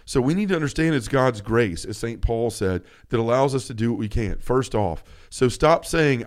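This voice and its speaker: An earnest man in his thirties co-hosts a faith podcast, speaking with feeling and frequently restarting his sentences. His medium-pitched voice is expressive and moderately paced, with few pauses.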